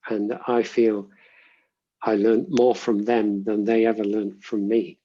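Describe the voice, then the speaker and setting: A man, a linguistics professor, giving measured, reflective answers in an interview and often pausing to rephrase. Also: lowish voice, level tone, dark tone, lo-fi sound.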